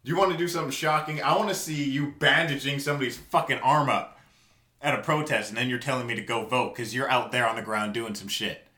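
A man's voice: mid-range voice, steady tone, a little fast, pushed and bright, reverberant. A man co-hosting a podcast, delivering an angry, profane, emphatic rant in casual talk. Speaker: podcast co-host.

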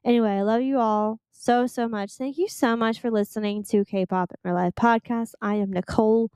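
A woman's voice: a little high, moderate pace, clean tone, no echo, clean studio sound. Gushing young woman hosting a podcast. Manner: gushing, rambling and excitable. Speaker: podcast host. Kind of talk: casual solo podcast chat.

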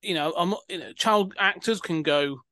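Chatty man, higher voice, dry sound. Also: normal speed, bright, forceful tone, dry recording. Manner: chatty, rambling with many fillers and restarts. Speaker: podcast host. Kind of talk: casual film-review chat.

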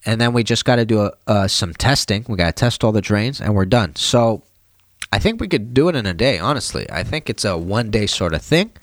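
Tired plumber guy vlogging, chatty and slangy, lowish voice, dry sound. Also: fairly quick, no echo. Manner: chatty, slangy, animated when retelling. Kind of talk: casual vlog talk.

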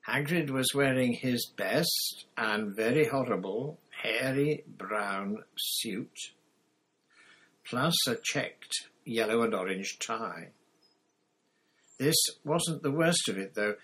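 A man reading a novel aloud in steady, measured scripted narration. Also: medium pitch, slightly rough, low-quality recording. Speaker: audiobook reader.

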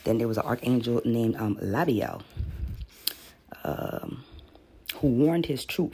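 A man's voice: medium pitch, animated, takes it slowly, long pauses, a little mellow, slightly rough. A man teaching on a podcast in a casual, rambling way, often repeating words and reading passages aloud.

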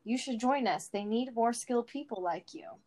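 A woman voicing a gentle but firm young male soldier as she reads a story aloud, in an earnest, measured tone. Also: fairly high pitch, close to an everyday voice.

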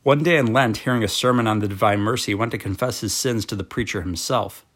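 A man reading a devotional book aloud in a slow, measured, solemn manner. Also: on the low side, a bit bright.

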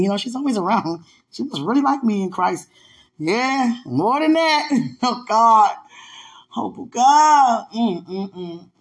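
A woman chatting on a faith podcast call. She swings between hushed murmurs and loud, laughing outbursts, and keeps telling herself to calm down. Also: mid-range voice. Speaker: podcast co-host. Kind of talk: casual faith chat on a call.

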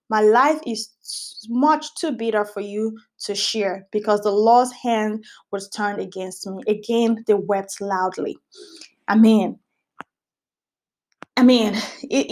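Her voice is on the high side and slightly mellow as she reads scripture on her Bible study podcast. She teaches casually and earnestly, frequently repeating phrases to stress them.

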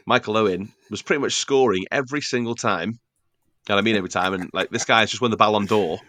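Bright-voiced young man telling stories. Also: on the low side, fast, no echo. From North Wales. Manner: storytelling, acts out quotes. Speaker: podcast co-host. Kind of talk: casual chat.

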